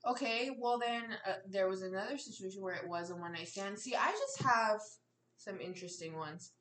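A woman's voice: medium pitch, brisk, fairly bright tone, reverberant, distant mic. Candid, profane woman telling wild stories. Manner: candid, profane, laughing storyteller. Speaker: podcast co-host. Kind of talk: casual storytelling chat.

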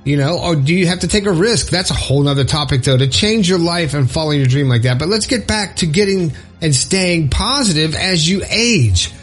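A man's voice: a little high, expressive, moderate pace, few pauses, breathy edge, faint music behind. A man hosting his own podcast alone, chatty, upbeat and poking fun at himself. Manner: chatty, upbeat and self-deprecating. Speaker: podcast host. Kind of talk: solo podcast monologue.

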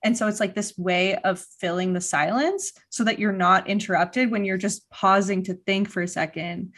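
A woman's voice: mid-range voice, fairly even intonation, moderate pace, fairly bright tone. Chatty self-deprecating woman podcast host. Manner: rambling, self-deprecating, swears casually. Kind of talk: casual chat.

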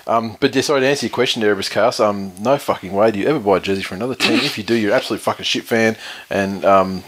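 A quick, husky-voiced man co-hosting a sports podcast. He swears freely and rambles in a blunt, casual way. His voice sits on the low side. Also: a bit bright. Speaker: podcast co-host.

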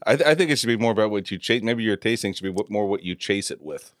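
An older man joins a casual drinking chat as a guest, teasing the younger men with boisterous humor. His pitch swings widely and his voice is heard close and dry. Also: expressive, fast, fairly bright tone, dry recording. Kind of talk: casual chat over bourbon tasting.

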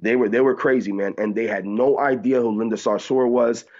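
A man being interviewed, telling his story quickly in one long stretch and acting out what others said. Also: fairly even intonation, darkish tone, dull audio. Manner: rapid storytelling, mimics people in high voices. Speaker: activist guest. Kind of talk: excited phone-in interview recounting.

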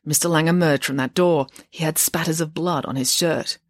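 A woman narrating a children's novel aloud with lively, expressive storytelling. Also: low voice, normal speed, dry recording, clean studio sound. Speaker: audiobook narrator. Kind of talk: audiobook reading of a children's novel.

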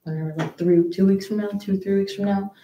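Young woman, podcast co-host, rambling casual chat, dark mellow tone, faint room noise. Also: mid-range voice, fairly even intonation, fairly quick. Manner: chatty, rambling with fillers. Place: small room in a school library. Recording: echoey small room, faint background noise.

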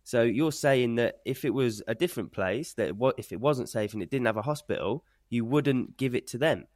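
A man's voice: mid-range voice, expressive, a little fast, a little mellow, no echo, clean studio sound. A man co-hosting a casual sports podcast, challenging the others with pointed questions. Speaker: podcast co-host.

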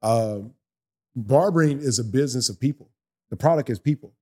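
Animated, swearing barber man. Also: medium pitch, normal speed, husky. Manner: animated, preachy storyteller who swears freely. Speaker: barber, podcast guest. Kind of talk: casual podcast conversation.

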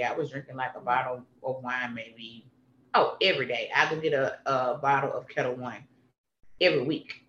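Candid guest, bright forceful delivery, emphatic repeats; roomy, slightly muffled recording. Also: mid-range voice. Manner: emphatic and animated, repeats phrases for punch. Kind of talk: candid personal conversation. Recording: roomy, slightly dull sound.

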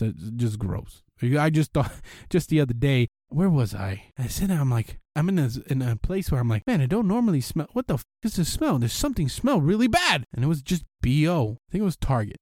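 Dude in his 30s ranting dating advice, swears a lot, voice jumps around, slightly high. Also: no echo, clean studio sound. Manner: animated, blunt, swears casually. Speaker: podcast host. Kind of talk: casual advice monologue.

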